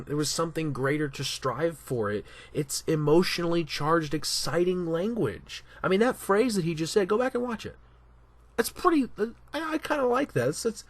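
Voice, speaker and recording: A man talking through a casual opinion commentary, animated and emphatic, often restarting his sentences. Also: fairly high pitch, no echo. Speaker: commentary vlogger.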